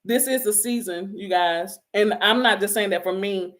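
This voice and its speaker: A middle-aged life coach with a fairly bright, mid-range voice speaks at a moderate pace, giving an emphatic motivational speech. She circles back to the same calls to action and slips into laughter while teasing herself.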